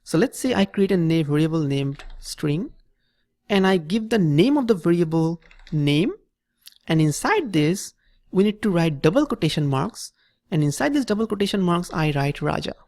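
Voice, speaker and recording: A man's voice: a little high, sing-song, normal speed, darkish tone, no echo. A man teaching programming in a screen-recorded tutorial, patiently repeating each step and checking in with "okay?". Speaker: programming instructor.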